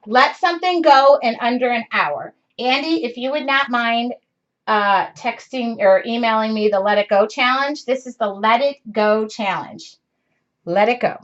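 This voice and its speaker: A woman's voice: a little high, a bit bright. A woman hosting a live art session from her studio, chatting casually and rambling with self-mocking jokes. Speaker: art livestream host. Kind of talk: casual chat while painting. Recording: dull lo-fi livestream audio.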